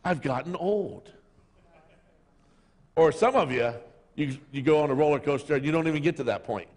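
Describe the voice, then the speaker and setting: Speaking fast in a slightly high, darkish voice, a middle-aged man delivers a sermon as pastor, full of jokey stories and acted-out voices. The church sanctuary gives the recording a long, hall-like reverb.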